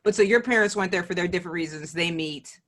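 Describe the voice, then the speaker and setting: A woman's voice: fairly low pitch, fast. A woman hosting a podcast, chatty and swearing, asking eager follow-up questions. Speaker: podcast host. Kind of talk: casual podcast interview.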